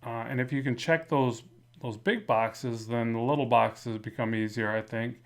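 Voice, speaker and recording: A man with a slight lisp, talking through a drawing in a relaxed, rambling way as a comic art instructor. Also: medium pitch, moderate pace. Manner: relaxed, rambling, many fillers and restarts. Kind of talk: casual drawing tutorial narration.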